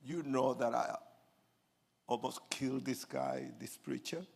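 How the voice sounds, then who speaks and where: Here an older man, a native Spanish speaker with a Puerto Rican accent, delivers his preacher's testimony unhurriedly in a gravelly, mid-range voice. He animatedly acts out quotes, moving from soft asides up to shouting, telling it as a sermon story.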